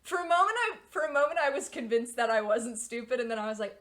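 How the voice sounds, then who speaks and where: A young woman streamer in her twenties with a somewhat high voice. She rambles casually from story to story and swears a lot as she talks. Her telling is loose and animated. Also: fast talker, hardly any pauses. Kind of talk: casual chat.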